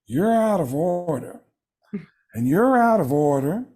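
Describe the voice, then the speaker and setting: A man's voice: on the high side, very animated, pitched above the performer's own voice. A man doing a ranting famous-actor impression. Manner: slow, rising, shouting delivery. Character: impression of a famous gruff older male actor shouting.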